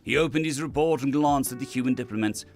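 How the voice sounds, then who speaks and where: A man narrating sci-fi short stories aloud in an expressive reading style. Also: medium pitch, quick pace, faint music behind. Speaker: narrator, streamer.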